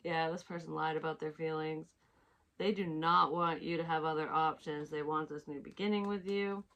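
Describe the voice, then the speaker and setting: A woman's voice: low-pitched, fairly even intonation, moderate pace, a bit bright, muffled recording. A woman giving a casual tarot reading, chatty, swearing freely and laughing at herself. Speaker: psychic tarot reader.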